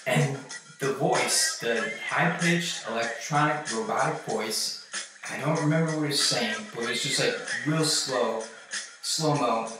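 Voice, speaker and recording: Slow, rambling man in an echoey room. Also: medium pitch. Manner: halting, filler-heavy, profane. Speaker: vlogger recounting a trip. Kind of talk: rambling personal account. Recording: very echoey, distant mic, music behind.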